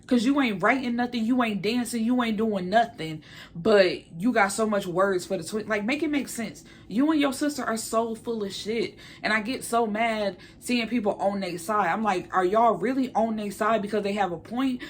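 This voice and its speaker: A woman's voice: mid-range voice, normal speed, a little hiss or hum. A woman giving a blunt, heated, opinionated recap of a reality show in casual commentary. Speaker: reality TV reviewer.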